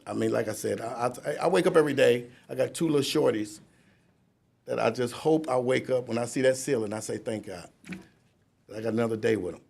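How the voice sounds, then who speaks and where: A man in his fifties gives his recovery testimony to a room of listeners, speaking in a gravelly, husky voice of middling pitch. He talks in a loose, conversational way, drifts from point to point, and laughs at himself as he goes. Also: fairly quick, darkish tone. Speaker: drug court graduate giving a testimony. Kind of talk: personal recovery testimony to an audience. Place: courtroom ceremony.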